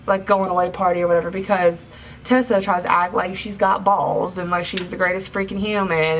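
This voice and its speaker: A woman's voice: mid-range voice, a bit bright. A young adult woman recapping a novel for a book review vlog, chatty and full of 'like' fillers. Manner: chatty, filler-heavy retelling with lots of 'like'. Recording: slightly distant mic, faint background hiss.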